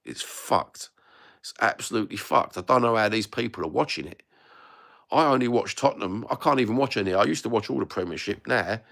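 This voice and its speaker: A man's voice: on the low side, animated, fairly quick, vocal fry, a bit bright. A middle-aged man with a London accent, ranting bluntly and swearing freely while chatting casually to a live audience. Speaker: livestream host reading chat. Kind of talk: casual live-chat rant. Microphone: phone.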